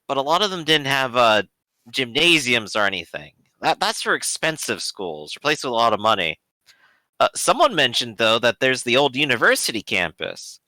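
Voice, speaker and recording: A man's voice: medium pitch, bright, forceful tone, no room sound. A man voicing a busy middle-aged city campaigner who rambles and hesitates with many fillers.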